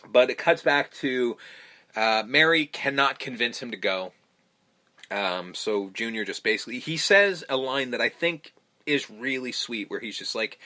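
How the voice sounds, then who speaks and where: A man's voice: mid-range voice, animated, unhurried, pushed and bright. A man hosting a podcast, recapping a film in casual, rambling chat full of ums, restarts and swearing. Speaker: podcast host.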